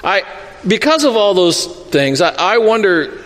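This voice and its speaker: A man with a high, light voice preaches a sermon, acting out quotes and asides as he retells a Bible story. His voice rings out in a big hall with a long reverb tail. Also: unhurried. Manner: expressive storytelling with acted-out quotes. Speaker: pastor.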